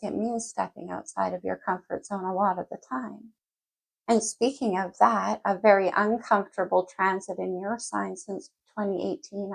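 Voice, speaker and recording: A tarot reader gives a casual general reading, talking straight to the viewer by sign and rambling off her thread before picking it back up. Her medium-pitched voice is gravelly and husky, on a rough recording.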